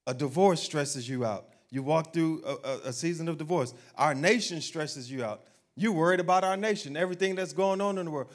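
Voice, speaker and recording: Conversational preacher with a lively delivery. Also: male voice, a little high, moderate pace. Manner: conversational preacher, asking the crowd questions and acting out everyday voices. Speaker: pastor. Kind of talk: sermon.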